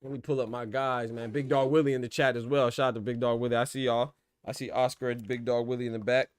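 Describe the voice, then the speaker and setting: A man's voice: medium pitch, flat delivery, fast talker, smooth, dry recording. A man hosting a casual boxing podcast livestream, talking loosely in slang and laughing often. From Florida.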